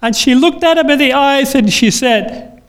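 A man preaching a sermon in a measured, liturgical cadence, ending in a blessing. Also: very high voice, fairly bright tone. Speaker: pastor.

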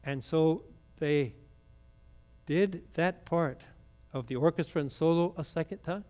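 High-voiced storytelling preacher. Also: male voice, measured pace, darkish tone. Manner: storytelling, conversational asides to the congregation. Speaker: pastor. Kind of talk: sermon.

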